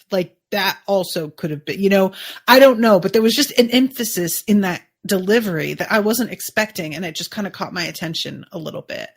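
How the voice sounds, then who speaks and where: A woman's voice: medium pitch, fairly quick, breathy edge. Woman podcaster rambling thru a recap, musing, lots of ums, medium voice. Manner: chatty, musing, thinks aloud with fillers. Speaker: podcast host. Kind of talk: casual episode recap.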